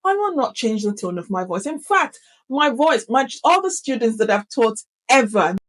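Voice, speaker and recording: A middle-aged woman teacher explaining classroom management in an animated, emphatic way, often repeating key phrases for effect. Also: a little high, moderate pace, rough recording. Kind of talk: instructional talk to camera.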